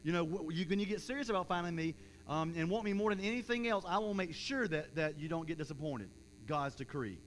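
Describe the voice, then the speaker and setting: A man preaching a sermon as pastor in a church, rising loud in acted-out prayers and dropping soft for an altar call and prayer. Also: fairly high pitch, expressive, brisk, a little hiss or hum, low-quality recording. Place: church sanctuary.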